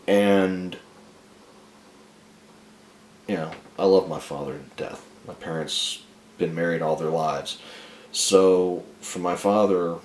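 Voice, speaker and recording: A man telling a dark, comic story about himself in a crude, profane, rambling way. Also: deep voice, fairly even intonation, a little slow, reverberant, a little hiss or hum.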